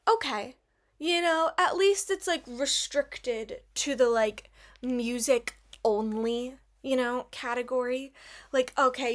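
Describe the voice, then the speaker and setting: High-voiced young woman ranting animatedly. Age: young adult. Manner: animated, exaggerated, lots of "like" fillers. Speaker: vlogger. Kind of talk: casual rant to camera. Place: dark bedroom. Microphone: built-in camera mic.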